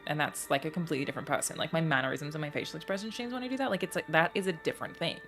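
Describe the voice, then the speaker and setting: A woman's voice: low voice, racing, fairly bright tone, soft background music. Chatty woman streaming a game. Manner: chatty, reflective, many fillers. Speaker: streamer and voice actor. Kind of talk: casual gameplay commentary.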